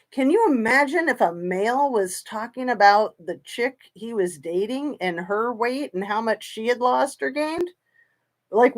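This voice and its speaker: A woman hosting a casual true crime livestream, chatting in a rambling way with sarcastic asides. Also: on the high side.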